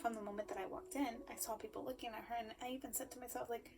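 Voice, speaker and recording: A woman's voice: fairly high pitch, fairly even intonation, very fast, noisy background. Emotional woman telling a personal story. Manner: emotional, shifts between loud emphasis and hushed asides. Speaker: speaker.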